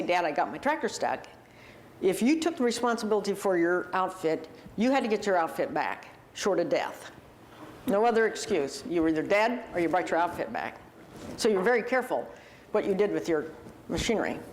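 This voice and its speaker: Animated woman telling a farm story. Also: on the low side. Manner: vivid, animated storyteller acting out quoted speech. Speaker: university president giving a talk. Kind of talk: personal storytelling talk to an audience.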